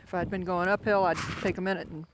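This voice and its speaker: An older male hiker vlogger from Florida talks fast in a high voice with little pitch movement, rambling and mocking himself in a casual vlog. He films on a handheld phone camera outdoors on a foggy mountain trail, with faint background noise.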